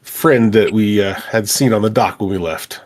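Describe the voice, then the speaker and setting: A man's voice: lowish voice, moderate pace, a little mellow. A man playing a tabletop game casually, earnest with hesitant starts. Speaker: player.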